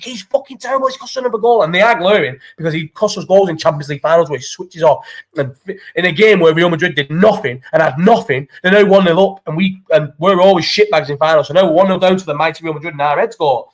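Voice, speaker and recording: Young male podcast host, rapid-fire and profane, slightly higher voice. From Falmouth, England. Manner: sweary, ranting football opinions. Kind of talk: casual live chat.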